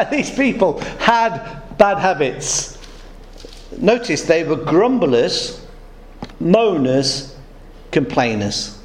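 A man's voice: sits high, sing-song, drawn-out words, long pauses. A man preaching a sermon, weaving humorous stories into his teaching. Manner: storytelling with humorous anecdotes. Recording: roomy echo.

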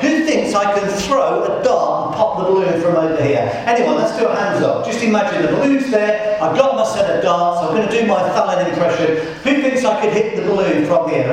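A man preaching a sermon to a congregation, telling jokes and stories in a playful, lively way. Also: high voice, a little hiss or hum. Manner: jokey, lively storytelling. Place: church. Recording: echoey church room.

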